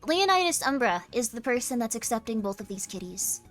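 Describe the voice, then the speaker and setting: A tired young woman streaming, chatting casually with her viewers and squealing into high notes when something excites her. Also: fairly quick, faint music behind. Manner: bubbly, jumps to squeaky highs when excited. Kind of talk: casual live-stream chat.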